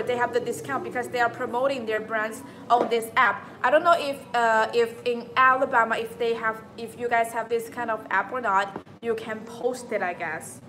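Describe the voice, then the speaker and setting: A woman's voice: on the high side, steady tone, normal speed, few pauses, background noise. A woman hosting a casual livestream, chatting directly to her viewers. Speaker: livestream host of a beauty channel.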